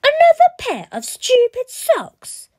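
A woman's voice: high-pitched, wildly swooping pitch, takes it slowly, no room sound, voice pushed up, exaggerated voice. A woman voicing a spoiled, greedy rich boy who howls and snarls, in a storybook read-aloud. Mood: furious howling. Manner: howling, snarling, shouting.

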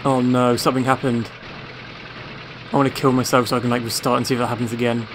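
A man's voice: mid-range voice, flat delivery, fast talker, background noise. A man giving casual gameplay commentary, sarcastic, swearing freely and talking back to the game. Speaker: let's play gamer.

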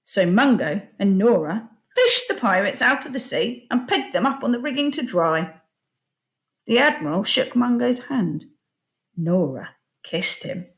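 Woman teacher, picture book read-aloud, unhurried, very lively intonation. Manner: expressive, slow storytelling with lively pitch. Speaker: primary school teacher.

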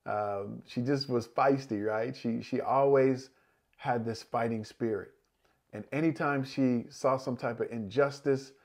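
A man's voice: medium pitch, darkish tone. A man coaching viewers in a motivational talk, earnest and encouraging, repeating key phrases. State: emotional at times. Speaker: life coach.

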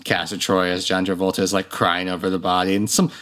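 Casting note: young male podcast co-host, lower-pitched voice, animated, swears, jumps into squeaky impressions of film lines. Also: quick pace. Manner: animated, swears often, acts out quotes in high voices. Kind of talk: casual chat.

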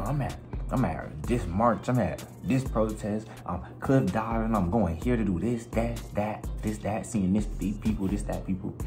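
A young man vlogging, telling a story in a slangy, expressive way and acting out other people's voices and sounds. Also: lowish voice. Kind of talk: animated storytelling.

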